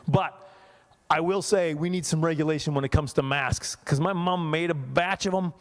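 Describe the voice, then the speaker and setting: A man from Canada performing a stand-up comedy set in a church hall for a small audience, chatty and self-mocking, slipping into voices for characters. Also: a little high.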